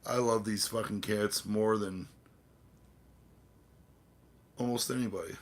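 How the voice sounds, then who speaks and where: With a fairly low, steady voice at a moderate pace, a man runs a casual live stream while a bit tipsy from drinking. He rambles and curses, talking both to his chat and to his cats.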